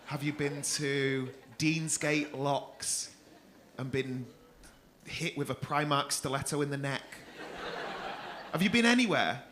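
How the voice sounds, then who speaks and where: A man's voice: a little high, takes it slowly, pauses often, noisy background. A man with a Mancunian accent doing stand-up crowd work in a comedy club, teasing audience members with a lot of swearing and laughing through his own jokes. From North West England.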